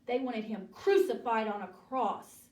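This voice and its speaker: Slow, echoey woman telling a Bible story. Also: fairly high pitch, darkish tone. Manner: dramatic storytelling with acted voices. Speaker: children's Bible teacher. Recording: echoey room from far off.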